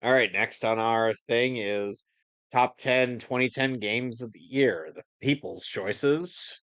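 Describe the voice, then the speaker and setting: A man's voice: mid-range voice, slow, fairly bright tone, no room sound. A man co-hosting a casual reaction stream, blunt and sarcastic. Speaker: stream co-host.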